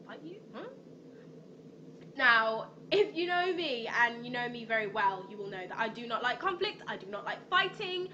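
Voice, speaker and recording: A young woman tells a personal story to her viewers, rambling and restarting with frequent ums. Her voice sits a little high, and there is a noisy hiss behind her. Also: expressive, normal speed, few pauses, bright, forceful tone, highs cut off. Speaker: vlogger. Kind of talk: storytime vlog.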